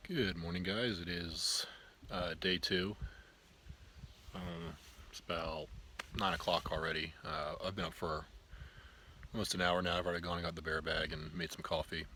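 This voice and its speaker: Laid-back low-voiced man on a trail. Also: normal speed, pauses often, a little hiss or hum. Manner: relaxed, rambling with fillers. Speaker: backpacking vlogger. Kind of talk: casual trail vlog. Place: outdoors in the woods on a trail.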